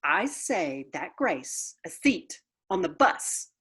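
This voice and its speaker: A woman voicing a bubbly, bossy little kindergarten girl who talks loudly and mangles big words in a children's book read-aloud. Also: lowish voice, big pitch swings, takes it slowly, husky, full character voice. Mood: chatty.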